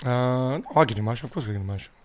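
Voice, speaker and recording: A man's voice: mid-range voice, rapid-fire, darkish tone. A man co-hosting a podcast, talking easily in casual chat with tags like "you know what I mean". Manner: easygoing, tag questions, fillers. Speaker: podcast co-host.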